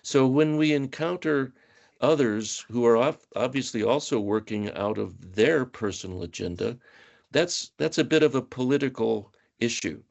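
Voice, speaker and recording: A man's voice: mid-range voice, moderate pace, gravelly, a little mellow. A man hosting a panel discussion, thoughtful and affirming as he poses questions. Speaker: host.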